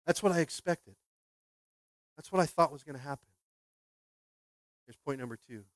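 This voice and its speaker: A pastor preaching a lively sermon, acting out scripture characters and often checking in with the congregation. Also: male voice, moderate pace, pauses often, dry recording. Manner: animated, acts out Bible characters with big pitch jumps; asks the congregation "are you with me?".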